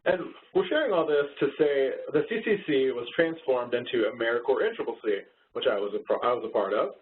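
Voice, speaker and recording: A man's voice: mid-range voice, expressive, quick pace, slight background noise. A man co-hosting a training webinar in an easygoing way, over tinny phone-like audio. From Texas. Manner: easygoing, laughs along at jokes. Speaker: webinar co-host. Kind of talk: casual webinar presentation.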